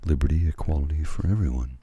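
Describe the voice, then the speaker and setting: A tired man from Canada, talking slowly and haltingly at home at night in a soft ASMR manner, with many fillers and restarts. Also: very deep voice, breathy edge, dry recording. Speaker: ASMR channel host. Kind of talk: soft-spoken ASMR personal talk.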